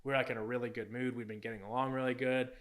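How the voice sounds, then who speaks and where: Fast-talking young man telling his story. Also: medium pitch, level tone, a bit bright. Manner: rambling, fills talk with "like" and "you know". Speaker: podcast guest. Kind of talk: casual storytelling.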